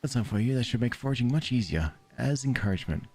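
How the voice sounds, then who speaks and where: Brief: an Aussie man putting on a bright, sing-song hobbit lady with a lifted pitch, gravel creeping through, cheering the player on. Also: animated, fast talker, slight background noise, natural voice. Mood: encouraging. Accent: Australian.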